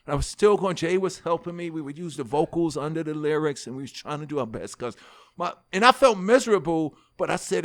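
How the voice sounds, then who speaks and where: A middle-aged man with a New York accent tells a story in a casual interview, acting out what other people said. His voice sits a little high for a man, and he swears freely as he talks. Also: fast, hardly any pauses. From United States. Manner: animated storyteller who acts out dialogue, swears freely. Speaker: podcast guest, rapper.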